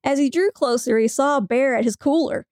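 A woman's voice: sits high, a little fast, darkish tone, no echo, clean studio sound. A woman co-hosting a podcast, reading a funny story aloud with frequent giggles. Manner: giggly storytelling, breaking into laughter. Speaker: podcast co-host.

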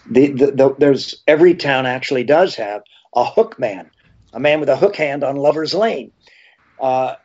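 A man, an actor and horror TV host, telling rambling animated anecdotes in a casual interview. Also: mid-range voice. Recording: slightly dull lo-fi sound.

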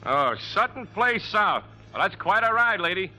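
An actor playing a brusque, money-minded New cab driver in a 1950s radio drama. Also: male voice, sits high, sing-song, moderate pace, bright, forceful tone, heavily acted, low-quality recording. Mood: gruff, cynical. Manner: brusque, streetwise, blunt. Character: gruff New York cab driver, grasping and cynical. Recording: old radio broadcast.

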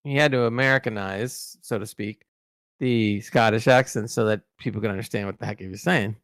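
A man's voice: fairly low pitch, brisk, fairly bright tone, dry recording, studio quality. A man on a podcast, telling rambling behind-the-scenes anecdotes in casual chat with lots of restarts and fillers. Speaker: podcast co-host recalling celebrity interviews.

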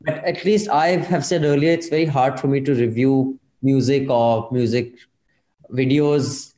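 A man's voice: mid-range voice, steady tone, measured pace, mellow, echoey room. A man hosting a podcast in casual chat, reading listener emails aloud and adding his own asides. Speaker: podcast host.

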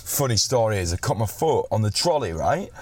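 A man's voice: lowish voice, brisk, husky, no echo. A young man, chatting casually as an interview guest, telling stories and swearing freely. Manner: animated storyteller, swears freely, acts out quotes loudly. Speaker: pop singer, guest. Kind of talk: casual chat.

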